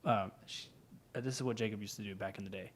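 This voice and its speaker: A man's voice: on the low side, steady tone, quick pace. Young man rambling in a casual podcast. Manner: rambling, laughs often, restarts words. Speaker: podcast co-host. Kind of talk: casual chat.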